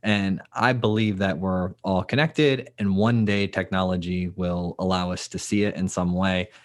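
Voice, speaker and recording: A man's voice: low voice, steady tone, normal speed. A man hosting a podcast, musing in a speculative way and laughing easily. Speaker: podcast host. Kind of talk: casual podcast conversation.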